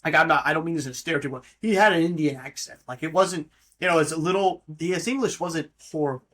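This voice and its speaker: A young man from Florida talks alone on his podcast, his voice sitting a bit high for a man. He rambles, jokes and drifts off topic, filling the gaps with ums and restarts. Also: fast talker, fairly bright tone. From Florida, USA. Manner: casual, rambling, joking, with frequent fillers and off-topic tangents. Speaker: podcast host. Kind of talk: rambling solo podcast monologue.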